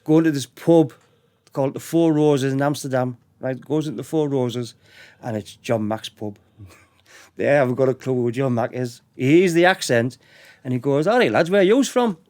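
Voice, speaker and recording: A middle-aged man with a Middlesbrough accent, telling stories as a podcast guest in a lively, anecdotal way. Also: medium pitch, moderate pace. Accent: Middlesbrough English. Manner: lively anecdotal retelling, laughing often. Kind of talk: storytelling in a podcast interview.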